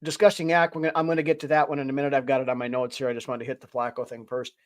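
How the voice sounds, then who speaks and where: A man's voice: mid-range voice, little pitch movement, racing. A man hosting a casual sports chat, thinking aloud in a rambling way as he goes. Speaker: podcast host.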